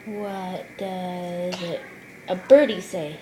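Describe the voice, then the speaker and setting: A woman speaks in slow, sing-song baby talk, coaxing a toddler at home. Her voice sits a little high and she draws each word out. The home camcorder recording carries a clear hiss and room noise behind her. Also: animated. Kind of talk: home video, talking to a toddler. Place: family home indoors.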